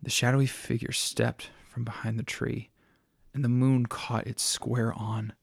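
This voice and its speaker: A man reading a story aloud in a steady, plain narrating style. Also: mid-range voice, measured pace, vocal fry, husky, dry recording, studio quality.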